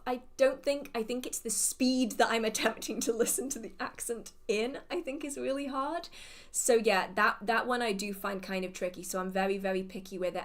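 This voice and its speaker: A woman with a modern received pronunciation English accent, hosting a live witchcraft Q&A in a rambling, think-aloud way. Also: fairly high pitch. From England. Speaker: witchcraft channel host. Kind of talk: live Q&A chat.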